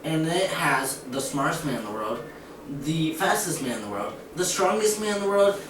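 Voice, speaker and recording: A man's voice: a little high, animated, normal speed. A young man casually setting up a joke challenge and telling jokes in a loose, rambling way. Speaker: channel co-host. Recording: distant echoey room with noise behind.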